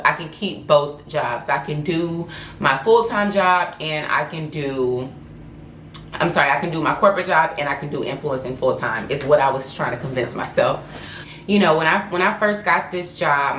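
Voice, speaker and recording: A low-pitched woman shares her story candidly and with feeling, restarting her sentences as she goes. She is recorded in an echoey room. A faint ambient hum sits behind her. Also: a bit bright. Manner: candid, emotional, restarts often. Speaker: lifestyle blogger and influencer. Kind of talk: personal vlog storytelling.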